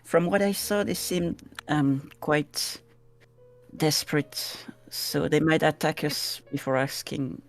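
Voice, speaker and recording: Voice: medium pitch, slow pace, vocal fry, faint music behind. Hesitant player full of fillers. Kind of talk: tabletop game play.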